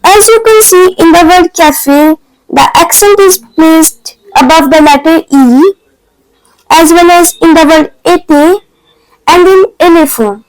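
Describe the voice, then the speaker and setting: A woman's voice: very high voice, a little slow, dry recording, faint music behind, poor audio. A woman teaching an online French lesson, explaining patiently step by step in non-native English phrasing.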